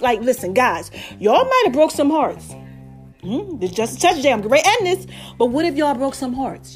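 A woman hosting her own podcast in casual solo talk, chatty and warm with listeners, calling them child and baby, and swinging between loud and soft phrases. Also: high-pitched. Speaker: podcast host.

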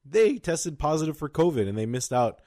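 A man's voice: a little high, big pitch swings, moderate pace, warm tone, no echo, studio quality. Young man chatting casually on a podcast. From Los Angeles County. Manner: chatty, lots of fillers and likes. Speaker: podcast co-host. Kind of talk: casual chat.

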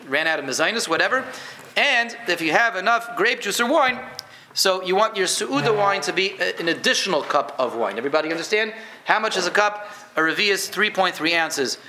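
A man's voice: sits high, pushed and bright, a little hiss or hum. A man teaching a casual Jewish law class to a room of listeners, conversational, repeating words and quizzing them. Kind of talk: informal halacha class. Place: room with a live audience.

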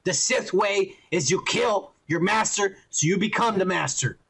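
A man's voice: high-pitched, a little slow, creaky, fairly bright tone, slightly rough. A man hosting a podcast, ranting heatedly and swearing a lot while reviewing a show. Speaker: podcast host. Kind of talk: casual ranting review chat.

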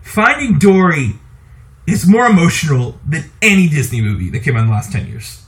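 A man co-hosting a podcast, talking casually about movies in an animated, opinionated way and laughing often. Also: on the high side, normal speed. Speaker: podcast co-host.

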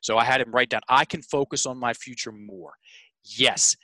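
In this poorly recorded, dry clip, a man with a medium-pitched voice speaks at a normal pace with fairly even intonation and a pushed, bright sound. He's a sales and mindset coach being interviewed, telling stories with emphasis, addressing people as "folks," and frequently starting over.

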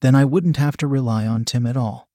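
A man's voice: medium pitch, a little fast, dark tone, no room sound. Man narrating a story, dry close mic. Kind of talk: reading a first-person erotic story aloud.

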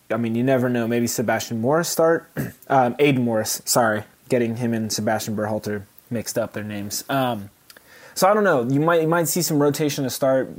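Man, podcast co-host, mid-pitched voice, easygoing, laughs easily, lots of ums. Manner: relaxed, laughs easily, talks through ideas with fillers. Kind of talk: casual sports podcast chat.

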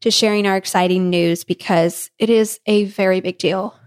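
Pregnant woman telling a lively story. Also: mid-range voice, normal speed, smooth. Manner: animated, laughing often, acting out family members' lines. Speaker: podcast co-host. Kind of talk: casual storytelling chat.

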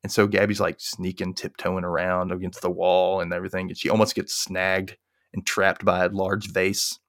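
A man casually recapping a movie's plot, chatty and dropping into quick character voices. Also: sits low, monotone, a bit bright, dry recording, studio quality.

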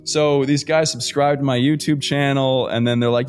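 A man from Canada, a podcast guest, telling a story in a lively, casual way with fillers and casual swearing. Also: medium pitch, normal speed, hardly any pauses, soft background music. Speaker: guest adventurer. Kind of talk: animated storytelling.

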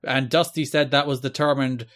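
A man's voice: medium pitch, steady tone, moderate pace, fairly bright tone. A man co-hosting a casual wrestling podcast, recapping old episodes in a dry, wry way and laughing often. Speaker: podcast co-host.

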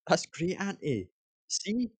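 A man's voice: high voice, very animated, slow, husky, no room sound, exaggerated voice. A man playing a mild nephew. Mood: cheerful. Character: young male nephew, bingo-hall helper.

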